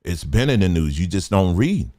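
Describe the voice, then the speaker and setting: A man's voice: sits low, sing-song, normal speed, warm tone. A man hosting a livestream, talking emphatically, repeating his points and asking rhetorical questions. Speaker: livestream host. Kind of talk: livestream commentary.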